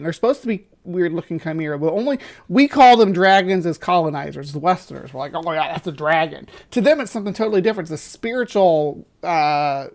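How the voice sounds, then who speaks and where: A livestream host giving casual, rambling commentary on a video, stopping to correct and qualify points. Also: medium pitch.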